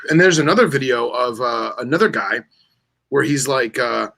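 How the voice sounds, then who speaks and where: A man's voice: mid-range voice, lively intonation, normal speed, gravelly, bright, forceful tone. A man co-hosting a casual podcast chat, telling animal stories and acting out the quotes. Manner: storytelling, acts out quotes. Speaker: podcast co-host.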